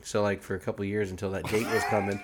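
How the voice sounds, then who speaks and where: A podcast host with a fairly low voice tells stories among friends at a rapid-fire clip against a noisy background. He's animated, acting out quotes and laughing often in this casual show.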